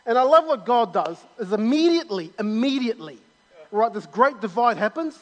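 Male preacher, high voice, eager, stammering restarts, long echoing hall. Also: big pitch swings, normal speed. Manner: enthusiastic, repeats himself with many restarts. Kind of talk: sermon.

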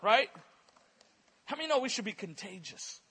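A man preaching a sermon at a church conference service, telling stories in an animated way and repeating words in quick bursts. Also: high-pitched, slightly rough. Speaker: guest preacher. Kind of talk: sermon with storytelling.

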